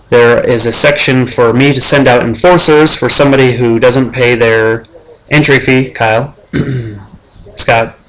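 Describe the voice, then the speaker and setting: A young man hosting a mock sports-show preview as his fantasy football league's commissioner, trash-talking the other players in a deadpan way. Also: medium pitch, low-quality recording.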